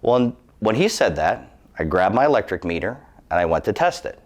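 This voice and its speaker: A man's voice: fairly low pitch, big pitch swings, normal speed. A man in his thirties telling a personal safety testimonial in an earnest, emphatic, cautionary way. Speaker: employee giving a safety testimonial.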